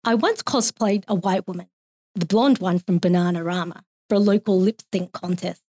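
A woman with an Australian accent reading her own poem aloud in a measured, expressive way. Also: on the low side, no echo, studio quality.

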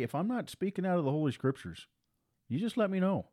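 A man preaching a sermon with forceful repetition, his voice climbing higher and louder as he presses his points. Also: very animated, fairly quick.

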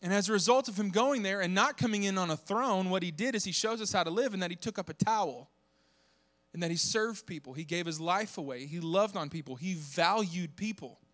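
Animated high-voiced pastor preaching. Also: male voice, brisk. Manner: animated, joking, voice rises to shouts for emphasis. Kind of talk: sermon.

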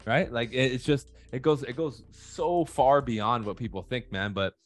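A man's voice: mid-range voice, moderate pace, faint music behind. Blunt, profane man chatting on a podcast. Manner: blunt, profane, animated storytelling. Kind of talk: casual podcast chat.

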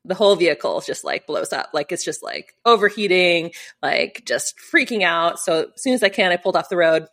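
Middle-aged woman, lowish voice, chatty storytelling, lots of "like", acts out the quotes. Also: fairly quick, few pauses. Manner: animated, acts out quotes, many fillers. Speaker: rally competitor. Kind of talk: storytelling in an interview.

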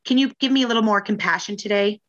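Woman in her 40s chatting candidly, kinda rambly, sharp bright voice. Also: medium pitch, quick pace, highs cut off. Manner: frank and rambling, with frequent fillers and profanity. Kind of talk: candid casual conversation.

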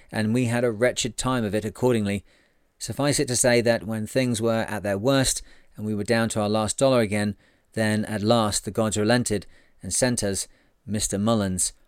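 A male narrator reading a sailing memoir aloud in a measured storytelling manner. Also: on the low side, fairly even intonation, smooth, no echo, studio quality.

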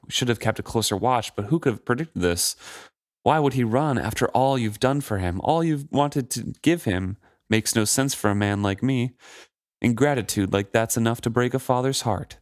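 A man's voice: medium pitch, normal speed, no room sound, studio quality, lightly acted. A man reading aloud, voicing a scheming sailor who offers false sympathy. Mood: fake sympathy. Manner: falsely consoling. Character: sly scheming male sailor feigning sympathy.

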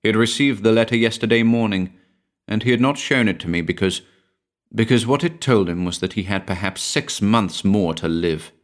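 A man voicing a young woman in a ghost story, speaking softly and subdued. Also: on the low side, moderate pace, close to an everyday voice. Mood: hushed.

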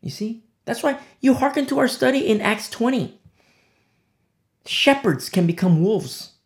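A man preaching a sermon as pastor, swinging between low, hushed lines and sharp, high exclamations. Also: expressive, unhurried.

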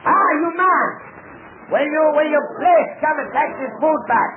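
An actor in a 1940s radio drama plays a wily foreign henchman, speaking sly, coaxing broken English in a very high-pitched man's voice with lively intonation and an unhurried pace. The sound is narrow and tinny, a scratchy, noisy 1940s broadcast.

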